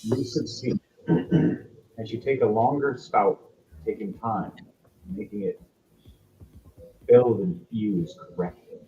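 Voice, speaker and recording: A man's voice: mid-range voice, animated, slow, long pauses, dark tone, soft background music, low-quality recording. A man narrating casually as game master of a tabletop game.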